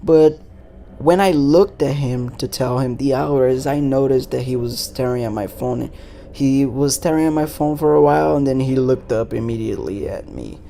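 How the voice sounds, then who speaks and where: A man's voice: medium pitch, gravelly, dark tone, a little hiss or hum. A young man, a podcast host telling a story in loose, casual talk full of swearing and fillers. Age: 20s.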